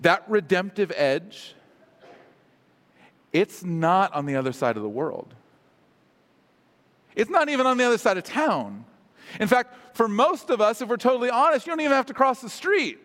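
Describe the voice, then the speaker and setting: A man's voice: high-pitched, sing-song, moderate pace, long pauses, fairly bright tone. A man preaching a sermon as pastor, casual and self-deprecating, with humorous asides. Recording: long hall reverb.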